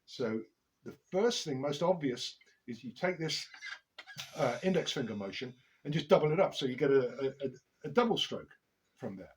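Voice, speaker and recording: A man teaching a drum lesson, explaining grip technique in a measured way with frequent pauses and fillers. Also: mid-range voice, lively intonation, background noise.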